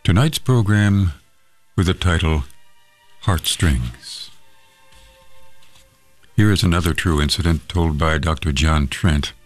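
A man hosting a devotional radio program, reading a story with a measured, deliberate delivery and pauses. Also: low-pitched, soft background music.

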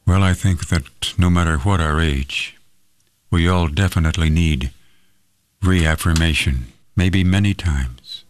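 A man hosting a devotional radio program, reading a story with a measured, deliberate delivery and pauses. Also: deep voice.

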